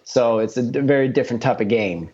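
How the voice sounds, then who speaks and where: A relaxed man from Stockholm, a Swedish native speaker, keeps the chat loose and easygoing. He restarts his sentences often and drops in "man" and "dude." The recording sounds a little dull and muffled at the top end. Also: mid-range voice, fast talker. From Stockholm, Sweden. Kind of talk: casual chat.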